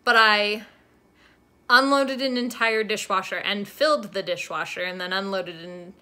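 Young woman vlogging at a friend's place, bright clear voice, wry and chatty, phone cam. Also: mid-range voice, steady tone, moderate pace. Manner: chatty, wry, self-deprecating. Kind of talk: casual chat vlog. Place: friend's home, indoors. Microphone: handheld phone camera.

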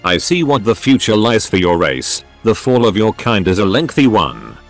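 A man's voice: fairly low pitch, big pitch swings, faint music behind. Male text-to-speech voice as a cold robot sorcerer. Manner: formal, measured, menacing. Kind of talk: synthetic storybook narration.

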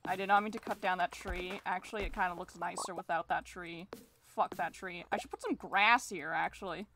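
A woman's voice: on the low side, steady tone, fairly quick, background noise. A woman streaming a farming game, rambling in casual commentary, mocking herself and swearing freely.

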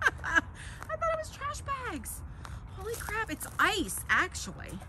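A woman's voice: very high voice, wildly swooping pitch, slow. Chatty woman vlogging on the go. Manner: chatty, rambling, self-laughing. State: out of breath while walking. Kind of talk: casual walk-and-talk vlog. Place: in a car, then outdoors by a lake. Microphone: phone camera, then selfie stick. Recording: noisy car and outdoor recording.

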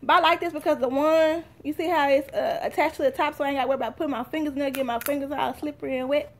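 A woman's voice: high voice, steady tone, racing, a little hiss or hum. A young woman, chatting straight to her viewers in a casual haul vlog. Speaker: vlogger.

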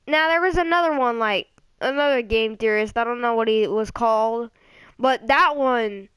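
A woman's voice: fairly high pitch, moderate pace, fairly bright tone, smooth, no echo, poor audio. A woman hosting her channel with a profane comedic rant, angry and crude, often stumbling over her words. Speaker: channel host ranting about a video series.

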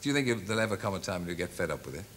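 A man's voice: deep voice, animated, racing, fairly bright tone, a little hiss or hum. A man hosting a TV chat show, interviewing a guest with leading questions.

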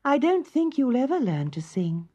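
A woman's voice: sits high, sing-song, normal speed, mellow, breathy edge, muffled recording, voice pushed up, full character voice. A woman voicing a fussy male nightingale in a children's story. His voice sits far above her own and is exclaiming and fluttery.

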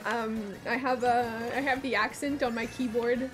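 A woman's voice: fairly high pitch, fairly even intonation, moderate pace. Brief: chatty Quebec-accented woman, French native, raised voice, throat wearing out, game music behind. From Quebec, Canada. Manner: chatty, swears a lot, laughs often. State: voice giving out, sore throat. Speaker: streamer. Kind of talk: casual gaming stream chat.

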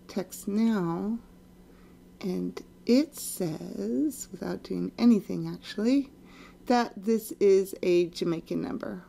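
A woman explains things in an unhurried, casual way, her voice mellow and dark, and sometimes drops to murmured asides. Her pitch is mid-range for a woman. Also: vocal fry, a little hiss or hum. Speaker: video narrator. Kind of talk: casual screen commentary.

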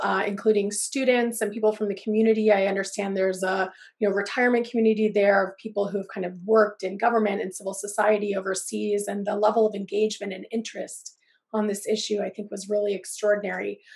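Woman with a gravelly cold-scratched voice. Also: mid-range voice, fairly even intonation, a little fast, a little mellow. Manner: conversational, with frequent ums and restarts. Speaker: press freedom advocate and moderator. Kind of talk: webinar conversation. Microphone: video call.

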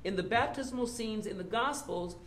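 Male rabbi, slightly high voice, sermon delivery with swings between loud and soft. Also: moderate pace, roomy sound. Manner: teaching and reading quotations, swinging from loud to soft.

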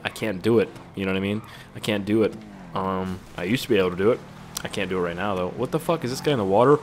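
A man's voice: lowish voice, quick pace, slight background noise. Young dude rambling over his gameplay, cussing constantly, hops between stories and the game. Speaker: gaming YouTuber. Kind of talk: casual gameplay commentary.

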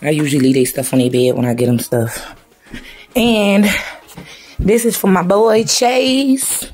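A woman's voice: fairly low pitch, measured pace, a little mellow, slightly rough. Chatty woman vlogging at home. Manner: chatty, addresses viewers as y'all. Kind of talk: casual chat to camera.

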